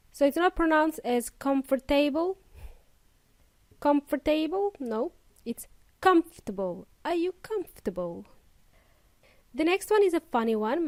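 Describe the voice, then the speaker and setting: A woman teaching English pronunciation on a podcast, patiently repeating each word slowly for learners. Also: fairly high pitch, darkish tone, no room sound. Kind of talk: slow podcast pronunciation lesson.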